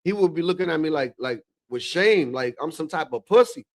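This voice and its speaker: A man hosting a livestream in casual, slangy reaction commentary, calling everyone "bro" and getting animated. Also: on the high side, a little fast, dry recording, studio quality. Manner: animated, drops into mock voices of relatives. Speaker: livestream host.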